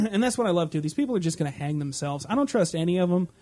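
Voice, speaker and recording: A man's voice: sits high, animated, quick pace, dark tone. A man hosting a casual podcast, ranting and mocking with constant swearing and rambling asides. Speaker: podcast host. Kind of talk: casual profane rant.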